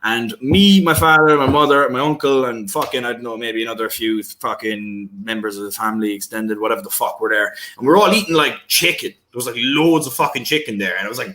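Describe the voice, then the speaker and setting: A man's voice: medium pitch, fairly quick, few pauses, sharp tone. A man doing stand-up over a video call, telling rambling stories full of swearing. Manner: swearing, rambling, self-mocking. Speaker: stand-up comedian. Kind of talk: stand-up storytelling.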